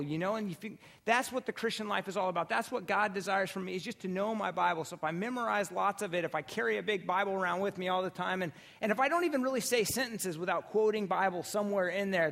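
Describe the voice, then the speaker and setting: High-voiced pastor, casual and animated. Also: male voice, gravelly. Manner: casual storytelling with restarts and animated asides. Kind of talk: sermon. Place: church sanctuary.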